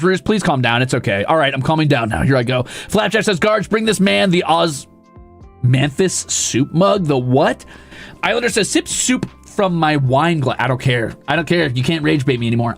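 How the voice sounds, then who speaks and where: A man's voice: a little high, vocal fry. A young man hosting a casual stream, reading viewer messages aloud and ranting about them with profane mock exasperation. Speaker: streamer host.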